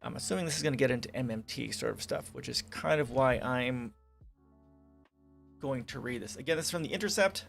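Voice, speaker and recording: A man's voice: mid-range voice, brisk, gravelly, a bit bright, soft background music. A man hosting a casual political livestream, reading articles aloud and breaking off into sarcastic, profane rants. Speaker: livestream host. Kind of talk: casual political commentary stream.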